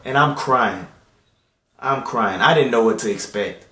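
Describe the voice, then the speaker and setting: A man in his late twenties giving an earnest personal faith testimony at home. He moves between hushed, tearful passages and loud, excited ones. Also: medium pitch, measured pace, reverberant. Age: late 20s. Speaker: Christian video host. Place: indoor room at home.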